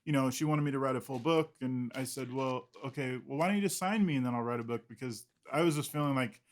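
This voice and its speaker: A man's voice: mid-range voice, fast. A man, an illustrator guest in an interview, talking casually in a rambling, self-deprecating way with frequent laughs.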